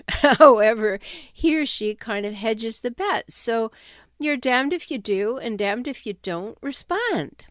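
A woman giving advice on toxic relationships in an emphatic, animated way. She sometimes drops her voice to act out quoted sarcastic remarks. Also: on the high side, slow pace, dry recording, clean studio sound. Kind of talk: talking-head advice video.

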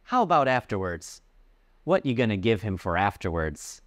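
A man's voice: fairly low pitch, sing-song, moderate pace, dry recording, studio quality. A man voicing a friendly, helpful male shopkeeper.

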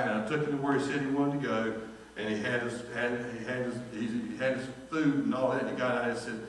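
A man's voice: mid-range voice, a bit bright, slight background noise. A man, preaching a sermon as pastor and telling a story in which he acts out the dialogue. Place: church sanctuary. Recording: echoey church hall from far off.

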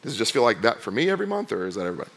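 A man preaching a sermon as pastor. He talks in a conversational way, asks the congregation many direct questions, and swings between loud, fired-up passages and quiet, low ones. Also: big pitch swings, racing, vocal fry, a little hiss or hum.

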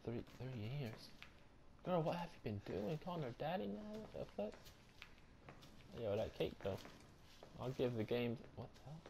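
A young man doing casual let's-play commentary on a horror game, loud, joking and slangy. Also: mid-range voice, very animated, normal speed, vocal fry, pauses often, a little hiss or hum. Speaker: gameplay streamer.

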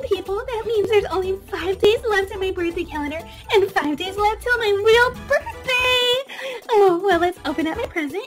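A woman doing a squealy, self-absorbed doll. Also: extremely high pitch. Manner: excitable, gushing, squealy. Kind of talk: toy play voice acting.

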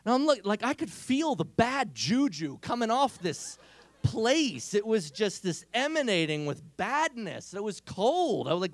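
A man giving a comic storytelling talk at a Catholic youth event, animated and acting out the characters' voices. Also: sits high, a little slow, dry recording.

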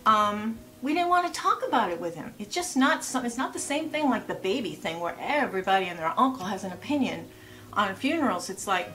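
A woman's voice: mid-range voice, big pitch swings, brisk, sharp tone, soft background music. A woman in her sixties giving casual lifestyle advice in a chatty vlog, full of asides and rhetorical questions. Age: 60s. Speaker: lifestyle vlogger.

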